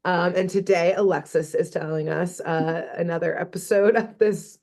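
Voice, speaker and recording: A woman's voice: on the low side, steady tone, normal speed, a little mellow. A woman co-hosting a podcast, trading playful, wry replies and laughing. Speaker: podcast co-host. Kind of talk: casual chat.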